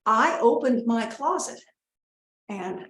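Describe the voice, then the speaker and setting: A woman's voice: fairly high pitch, lively intonation, slow pace. An actress playing a rambling middle-aged mother giving a wedding toast, who keeps breaking off to scold and coax her family. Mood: chatty. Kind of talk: comedic monologue. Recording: roomy echo.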